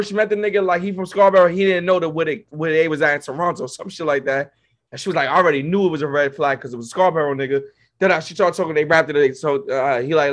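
Guy chatting on a podcast, slangy, acts out everybody in his story, voice a bit high. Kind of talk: casual chat, storytelling.

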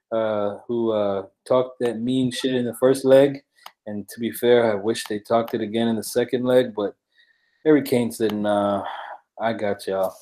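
Give me a relaxed man chatting casually as a sports podcast co-host, with lots of ums. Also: mid-range voice. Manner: laid-back, laughs often, uses filler words.

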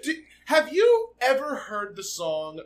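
A man's voice: very high voice, slow pace. A man co-hosting a podcast, recapping a TV episode in casual chat and acting out the characters' lines with animation. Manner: animated, acts out characters' lines while retelling. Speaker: podcast co-host.

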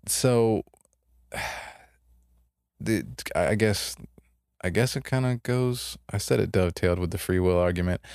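Laid-back low-voiced young man. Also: gravelly, a little mellow, clear, resonant tone, dry recording, studio quality. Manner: laid-back, retells stories with put-on voices. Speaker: podcast co-host. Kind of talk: casual podcast chat.

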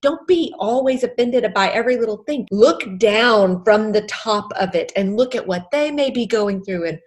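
On a podcast, a middle-aged woman who is an author and former counselor speaks about faith, earnest and tearful, repeating and stressing her key phrases. Her voice sits on the high side and is expressive, at a normal speed.

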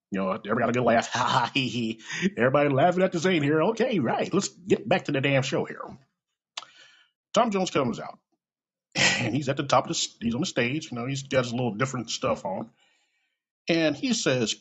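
A man's voice: medium pitch, fairly quick, slightly rough, highs cut off. A man telling a comedic personal story in a casual, profane, self-deprecating way.

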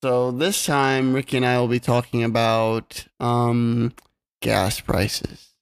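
A podcast co-host recording from a California home talks in a laid-back, loose way, with plenty of fillers and free swearing. His mid-range voice moves slowly, with little pitch variation and a clean tone.

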